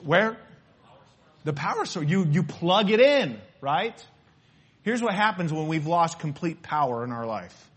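A man preaching a sermon in an emphatic, animated way, repeating his key phrases. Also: fairly high pitch, unhurried, breathy edge.

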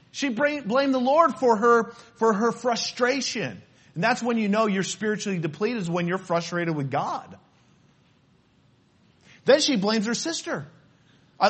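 A man preaching a sermon in an emphatic, animated way, repeating his key phrases. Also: high-pitched, slightly rough.

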